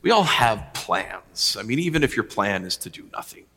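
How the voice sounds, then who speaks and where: A man's voice: on the low side, big pitch swings, normal speed, pushed and bright, slightly rough, in a large hall. A man from the United States preaching a sermon, telling stories animatedly and acting out his own past words. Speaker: pastor.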